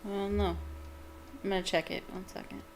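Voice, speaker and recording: A woman's voice: medium pitch, flat delivery, a little fast, a little hiss or hum. A woman streamer giving chatty, enthusiastic commentary while playing a game, with rambling asides. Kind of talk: casual gameplay commentary.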